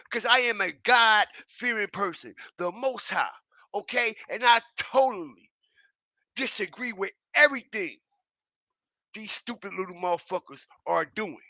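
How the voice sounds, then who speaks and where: A man with a high, bright, forceful voice rants in an online commentary, emphatic, profane and mocking. He repeats himself and keeps checking in with his listeners. There's no echo.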